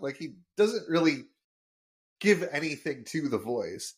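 Relaxed man recapping an episode. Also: a little high, measured pace. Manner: relaxed, explanatory, lots of fillers. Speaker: podcast co-host. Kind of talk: casual chat recapping an episode.

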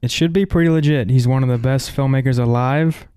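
A man co-hosting a podcast in casual chat, laid-back and soft-spoken, his voice weak and strained. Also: medium pitch, fairly quick, clear, resonant tone, no room sound, clean studio sound. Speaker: podcast co-host.

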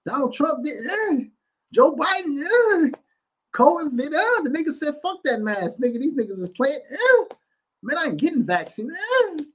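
A man putting on the voice of a rambling, excited relative in a mocking impression. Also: unhurried, exaggerated voice. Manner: high-pitched, rambling, excited.

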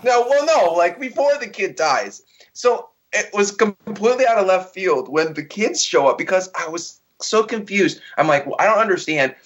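A man's voice: high voice, lively intonation, moderate pace, highs cut off. A man co-hosting a casual podcast, ranting profanely and mockingly about a bad movie. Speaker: podcast co-host. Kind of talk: casual movie review chat.

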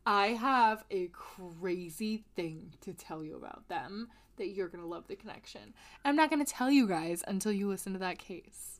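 A woman's voice: mid-range voice, moderate pace. A young woman hosting a casual true-crime podcast, chatty and giggly, swearing casually as she tells the story. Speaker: podcast host.

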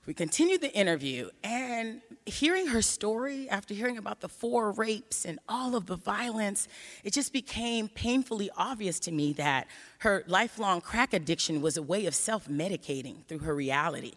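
A woman tells a personal story to an audience, animated and lively, acting out the voices she quotes. Her voice sits in the middle range. A long reverb from a large hall hangs behind her words. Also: mid-range voice, moderate pace. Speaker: researcher giving a talk.

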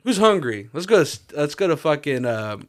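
A man co-hosting a casual podcast who tells stories in a rambling way, with lots of swearing, quick bursts and laughter. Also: fairly high pitch, lively intonation. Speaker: podcast co-host. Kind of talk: casual storytelling chat.

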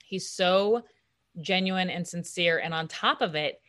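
A woman comedian in casual podcast chat, telling stories in a lively way and acting out what people said. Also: on the low side, a little slow, no echo, clean studio sound. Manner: animated storytelling, acts out quoted voices.

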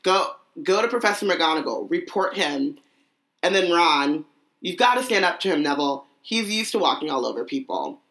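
A woman's voice: lowish voice, lively intonation, normal speed. A woman co-hosting a casual book chat, reading passages aloud and joking around with hammy voices. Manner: playful, breaks into loud hammy voices. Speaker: podcast co-host reading aloud.

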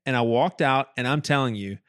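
A man of middle pitch tells a personal story on a casual podcast. He is animated, repeats and restarts his words, and acts out what people said. His voice is recorded close and dry, with no room sound. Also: fairly quick, smooth, dry recording.

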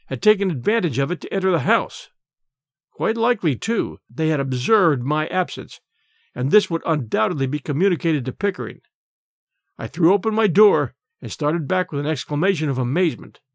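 Expressive male audiobook narrator. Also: a little high, no echo. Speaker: audiobook reader. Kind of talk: first-person novel narration. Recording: dry close recording.

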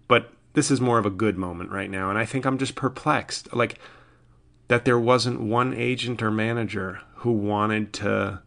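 A man's voice: lowish voice, creaky, a bit bright. A man, a comedian, talking alone in a rambling, exasperated way, restarting sentences often. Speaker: podcast host and comedian. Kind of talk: casual solo monologue.

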